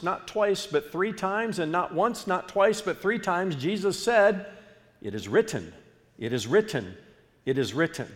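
A male pastor delivering an animated sermon, leading the congregation in call-and-response. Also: a little high. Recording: long reverb of a large hall.

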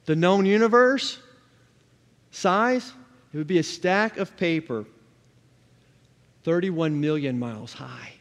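A man's voice: on the high side, takes it slowly, long pauses. Man preaching in a reverberant church. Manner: emphatic preaching with repeated refrains and scripture reading. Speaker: pastor. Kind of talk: sermon.

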